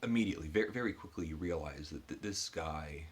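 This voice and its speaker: A man giving a casual book review, retelling the story in a halting way with frequent restarts. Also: very deep voice, breathy edge.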